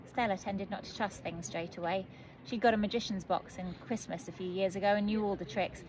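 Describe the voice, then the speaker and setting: A woman author reading her children's book aloud in a gentle, measured storytelling manner. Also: medium pitch, fairly even intonation, a little hiss or hum, poor audio.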